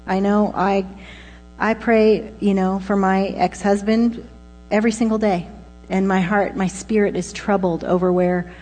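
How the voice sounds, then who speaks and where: A woman gives a relaxed, conversational sermon in a warm, mellow voice. Her words ring out in a hall with a long reverb, and a low mains hum sits underneath. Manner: informal, with fillers and asides. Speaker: preacher.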